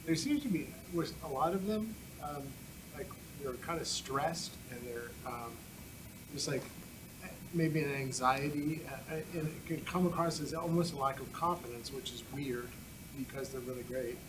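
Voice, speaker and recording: Man reporter asking a rambling question at a press conference, with clear background noise. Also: mid-range voice. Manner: hesitant, halting, full of fillers.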